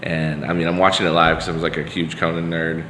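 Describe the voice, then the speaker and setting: Deep bright-voiced guy rambling on a podcast, lots of uh and like, echoey room w long reverb. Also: little pitch movement, fast, slight background noise. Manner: rambling, many fillers and restarts. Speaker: podcast guest. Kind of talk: casual conversation, storytelling.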